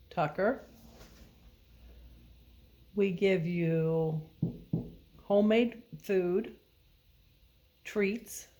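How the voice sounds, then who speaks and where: A woman's voice: medium pitch, mellow. A woman vlogger talking to her dog in a playful, mock-scolding way, asking him questions.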